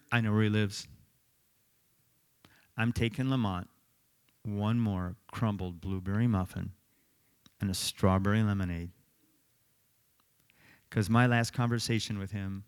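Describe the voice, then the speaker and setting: A middle-aged man preaching a sermon, telling stories in an animated, conversational way. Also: fairly low pitch. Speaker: pastor.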